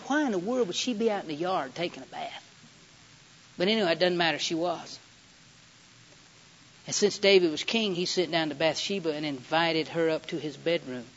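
A man's voice: on the high side, a bit bright, slight background noise. A man preaching a sermon, telling Bible stories in a folksy way and building to emphatic peaks. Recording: dull lo-fi sound.

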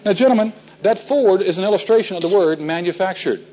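A man's voice: sits high, a little fast, warm tone, lo-fi sound. A man teaching a men's Bible class in a folksy storytelling way, asking his listeners questions.

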